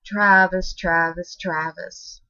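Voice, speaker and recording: A woman's voice: fairly low pitch, little pitch movement, normal speed, a bit bright, dry recording. A woman voicing a sinister stitched male voodoo shop boss who talks sweetly and then growls, in a slightly muffled dry recording. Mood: mock sweet. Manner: sweetly menacing, erupting into growls.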